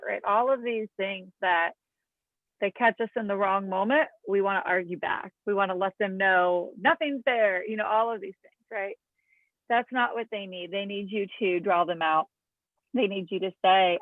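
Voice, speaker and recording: A woman therapist speaks earnestly and gently to parents. She keeps acting out what a parent might say to a child. Her voice comes through a thin, tinny call line and sounds dry and close. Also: medium pitch, a little slow, no echo. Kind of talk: online parenting talk. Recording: tinny phone-like call audio.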